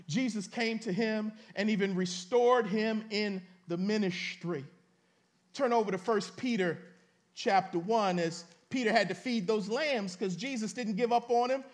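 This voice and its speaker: A man preaching a sermon, reading scripture aloud and speaking colloquially to his congregation, with sudden dramatic rises into shouting. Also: high voice. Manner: colloquial, addresses the congregation directly. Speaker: pastor.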